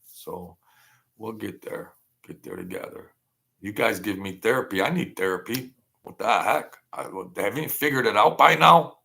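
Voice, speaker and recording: Gravelly man chatting with viewers. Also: on the low side, animated, normal speed, bright, forceful tone. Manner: rambling, reads out and thanks viewers by name. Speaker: channel host. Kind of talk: casual livestream chat.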